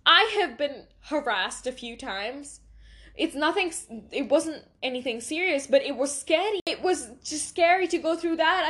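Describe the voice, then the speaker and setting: Young woman host, high voice, tearful and earnest solo episode. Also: lively intonation, moderate pace, fairly bright tone. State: crying. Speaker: podcast host. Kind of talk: emotional monologue.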